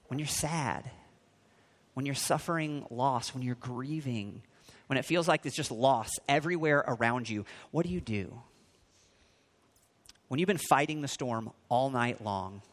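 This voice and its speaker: A male pastor delivering a sermon with big swings in pitch and loudness. He drops low and soft for reflection, then rises high and loud when he acts out what people say. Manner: dramatic swings in pitch and volume, acting out quotes.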